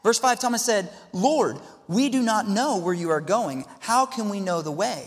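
Male pastor, high voice, expressive sermon delivery moving from hushed to exclaiming, big reverberant sanctuary sound. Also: normal speed. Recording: long reverb of a large hall.

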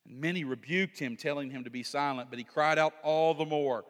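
A pastor preaching a sermon in an animated way, rising to shouts for emphasis. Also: male voice, a little high, a little fast. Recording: long hall reverb.

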